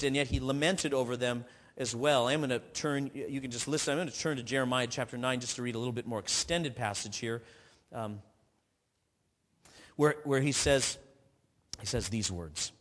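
A man preaching a sermon, reading scripture aloud with frequent restarts, swinging from emphatic peaks down to low, quiet stretches. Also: in a large hall. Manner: earnest, rising to emphatic peaks and dropping low.

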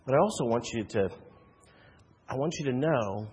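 Husky-voiced man preaching in a reverberant hall. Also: mid-range voice, expressive, moderate pace, long pauses, a little mellow. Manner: earnest preaching with frequent restarts and rhetorical questions. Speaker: pastor. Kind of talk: sermon.

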